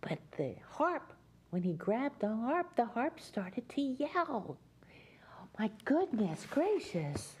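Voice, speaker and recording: Woman, children's show host, gentle sing-song storytelling, mellow, unhurried. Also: fairly high pitch, sing-song, a little hiss or hum.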